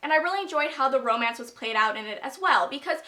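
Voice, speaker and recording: A woman's voice: sits high, lively intonation, fast talker, pushed and bright. A young woman hosting a casual book review vlog, talking in a bubbly, gushing, emphatic way. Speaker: book reviewer and channel host.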